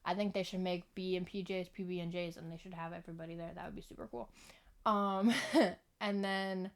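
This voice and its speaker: A woman's voice: on the low side, fairly even intonation, brisk. A young woman vlogging to camera at home into a microphone, rambling casually, giggling and often apologizing. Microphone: external microphone.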